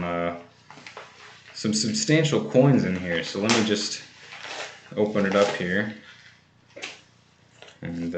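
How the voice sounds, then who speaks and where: A man's voice: lowish voice, a bit bright, roomy sound, slight background noise. A man hosting a casual livestream, chatting easily while he opens fan mail, with many fillers and restarts. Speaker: coin collecting channel host.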